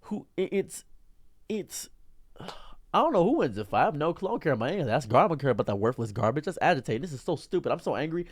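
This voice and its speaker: A young man streamer giving an exasperated, animated ranting commentary. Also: fairly high pitch, quick pace.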